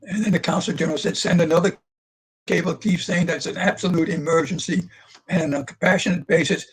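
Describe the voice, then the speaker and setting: A man's voice: on the high side, fairly even intonation, fairly quick, husky, poor audio. A man in his eighties, a survivor giving an earnest livestreamed talk to students over a video call and speaking straight to his listeners. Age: 80s. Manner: earnest, addresses listeners directly.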